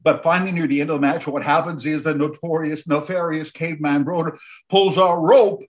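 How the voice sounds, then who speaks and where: A man telling a lively personal anecdote, building up to excited shouting at its peak. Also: fairly high pitch, brisk, dull audio. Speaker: storyteller.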